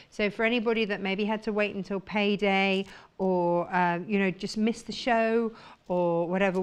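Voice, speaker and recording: A woman's voice: mid-range voice, clean tone. A woman presenting sewing products on a live shopping channel, talking with gushing enthusiasm. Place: TV studio.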